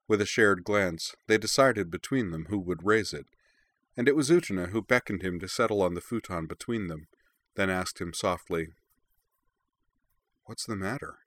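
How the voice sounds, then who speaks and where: A man narrating a story in an even, unhurried reading voice. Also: deep voice, no echo.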